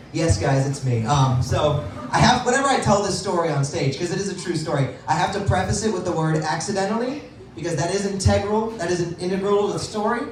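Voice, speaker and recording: A man's voice: high voice, very echoey, distant mic, poor audio. A man doing a stand-up comedy set in a club, self-deprecating and laughing at his own jokes.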